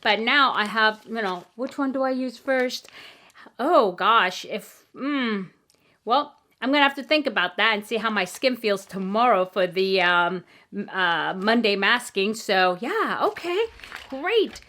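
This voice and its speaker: A woman's voice: a little high, lively intonation, measured pace, bright, forceful tone. A woman vlogger chatting casually as she unboxes friend mail, gushing and full of fillers. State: tearful. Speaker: beauty vlogger.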